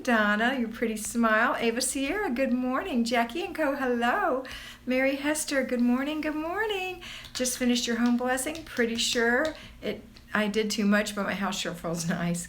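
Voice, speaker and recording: A woman's voice: fairly high pitch, a bit bright. Bubbly woman greeting live viewers. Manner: bubbly, gushing over viewers by name. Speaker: livestream host greeting viewers. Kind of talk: casual live-stream chat. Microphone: phone or camera on a borrowed tripod.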